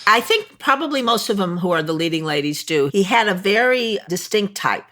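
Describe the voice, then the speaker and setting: Older woman, Chicago accent, bright voice, candid, animated guest. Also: mid-range voice, a little fast. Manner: animated, frank, self-deprecating. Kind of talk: candid interview conversation.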